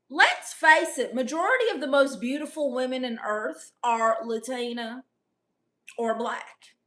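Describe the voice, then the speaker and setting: A woman's voice: fairly high pitch, a bit bright. A woman doing a comedic livestream in character, brash and playfully boastful as she reads out chat messages.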